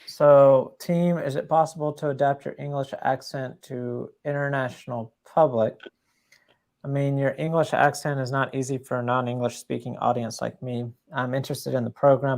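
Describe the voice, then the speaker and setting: A man's voice: medium pitch, flat delivery, moderate pace, gravelly, a little mellow. A man reading out a viewer's question in a plain, asking way.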